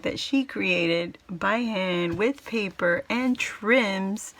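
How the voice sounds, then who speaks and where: A woman unboxing a craft gift for her viewers in casual chat, gushing and exclaiming with delight, then slowing down to take it all in. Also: medium pitch, a bit bright, a little hiss or hum. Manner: slow and drawn out between exclamations.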